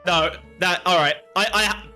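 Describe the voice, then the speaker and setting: A man streaming a playful role-play game as a paladin, protesting loudly and laughing often, with faint music behind. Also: high-pitched, unhurried.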